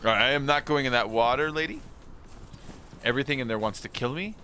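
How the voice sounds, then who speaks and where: A man streaming a game, chatting casually with a teammate in a playful, animated way and swearing freely. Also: mid-range voice, quick pace, slight background noise. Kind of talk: casual gameplay commentary.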